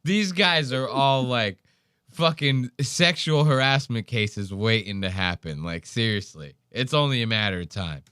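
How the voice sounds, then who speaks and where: A man hosting a podcast, casually mocking the clips he plays with crude, animated commentary. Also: mid-range voice, unhurried, clean tone, dry recording, clean studio sound. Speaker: podcast host.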